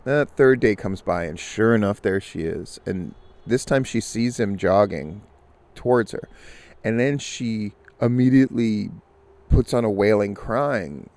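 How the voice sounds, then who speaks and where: Gravelly man telling a long joke. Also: on the low side, unhurried, a little mellow. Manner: storytelling, conversational with filler restarts. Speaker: news and commentary host. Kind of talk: casual commentary and joke telling.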